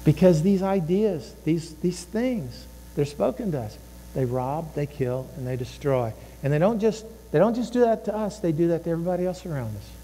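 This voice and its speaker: A man's voice: a little high, expressive, normal speed, mellow, big-room sound, slight background noise. A man preaching a sermon as a pastor, emphatic and repeating his phrases, sometimes voicing inner thoughts.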